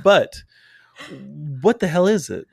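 Give me a jokey, rambling male host with a gravelly voice and a dry, close sound. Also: high voice, very animated, takes it slowly, darkish tone, no room sound. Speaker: podcast host. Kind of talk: casual podcast chat.

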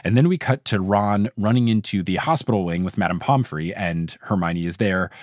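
A man in his late twenties hosting a casual podcast, joking and animated. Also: normal speed, dry recording, studio quality. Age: 20s. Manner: animated, jokey, swings pitch up and down. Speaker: podcast host.

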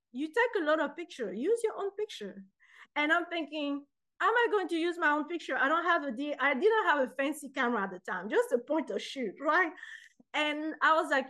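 A woman guest on an interview show, telling stories casually and acting out the dialogue in them. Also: high-pitched. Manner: animated, acts out dialogue in her anecdotes. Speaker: guest, author and poet.

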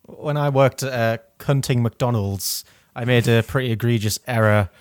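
A man chatting casually as a podcast co-host, telling a wry, animated story about an old job. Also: mid-range voice, normal speed. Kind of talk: casual chat.

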